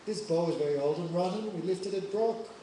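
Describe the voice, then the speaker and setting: A man's voice: high-pitched, a little fast, dark tone, slight background noise, natural voice. A man voicing a sarcastic, mocking young male warrior prince, heard from a distance in an echoey hall. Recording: echoey hall, mic far off.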